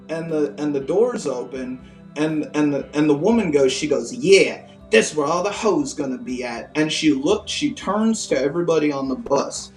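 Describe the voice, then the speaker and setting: A man's voice: a little high, echoey room, recorded from a distance, rough recording. Casual male guest, rambling and crude, recorded off-mic with faint music behind. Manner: rambling, profane, lots of "like" fillers. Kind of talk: casual storytelling.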